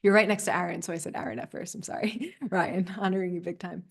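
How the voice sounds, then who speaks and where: A woman in her thirties coaching a group over a video call, earnest and soft-spoken, with frequent fillers and little laughs. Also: fairly low pitch, steady tone, quick pace, creaky. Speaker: spiritual coach leading a group session. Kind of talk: live community coaching session.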